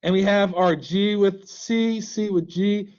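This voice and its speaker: High-voiced joking male teacher. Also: slow pace, a little mellow, dull audio. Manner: joking, playful, coaxing students. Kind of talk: live online class teaching. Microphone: computer mic on a video call.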